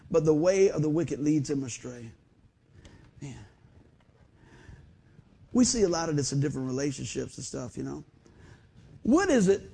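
A man preaching a sermon in a folksy storytelling manner, swinging from loud bursts to quiet asides. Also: on the high side, gravelly, slightly rough. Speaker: pastor.

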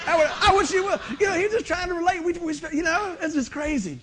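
A man's voice: very high-pitched, animated, fast talker, few pauses, a bit bright, a little hiss or hum. A man preaching a sermon in a folksy, storytelling way, often saying "man". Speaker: pastor.

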